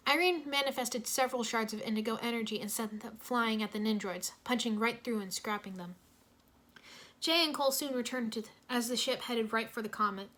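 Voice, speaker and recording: A woman reading a story aloud in a lively, expressive way. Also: on the high side.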